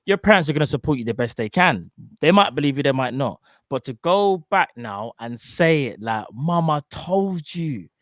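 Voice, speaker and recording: A man's voice: mid-range voice, lively intonation, brisk, hardly any pauses, fairly bright tone, no echo. A male co-host with a mid-range voice and dry, close sound. He talks emphatically, leaning hard on slang, and banters with the others. His delivery is casual and punchy. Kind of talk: casual chat.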